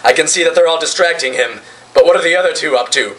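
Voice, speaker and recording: A man's voice: a little high, fast, a bit bright, close to an everyday voice. A man doing a watchful sun-charging hero. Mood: musing. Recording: distant mic with faint noise.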